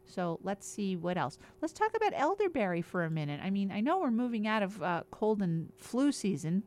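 A woman's voice: mid-range voice, big pitch swings, normal speed, a little mellow. A woman on a regular show, talking in an upbeat, chatty way as she explains things and lists example after example. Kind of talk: casual explanatory health chat.

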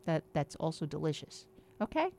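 A woman with a low, darkish voice, vocal fry, and big pitch swings speaks at normal speed on a dry recording. On her regular show she chats upbeat about health, explaining things through a string of examples.

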